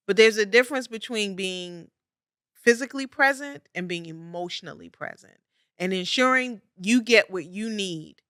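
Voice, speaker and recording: A middle-aged woman with a bright, clear voice talks through parenting advice as a podcast host. She repeats key phrases for emphasis and laughs lightly as she goes. The recording is close and dry. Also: medium pitch, dry recording. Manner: warm, laughing, emphatic repetition. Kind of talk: conversational coaching monologue.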